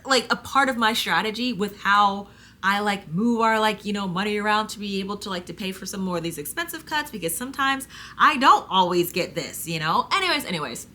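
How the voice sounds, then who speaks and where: A woman talking casually to camera, chatty and rambling, with many fillers and restarts, her pitch jumping up when she gets animated. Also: fairly quick. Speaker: homesteading vlogger.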